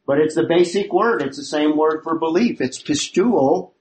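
A man with a slightly higher voice leads a Bible study lesson. He explains the passage step by step and keeps posing questions to the class as he goes. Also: normal speed, darkish tone, a little hiss or hum, rough recording.

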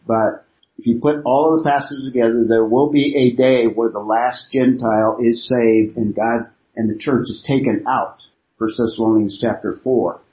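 A man teaching a Bible class, explaining points step by step from an outline on slides. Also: mid-range voice. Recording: roomy, dull lo-fi classroom recording.

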